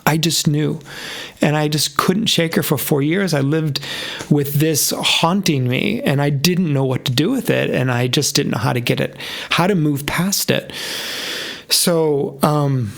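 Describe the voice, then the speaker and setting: Fifties male pastor, earnest heartfelt storyteller, a touch high with gravel in the voice. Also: a little slow. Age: 50s. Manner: earnest, openly emotional, animated retelling. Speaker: guest, pastor. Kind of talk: personal storytelling interview.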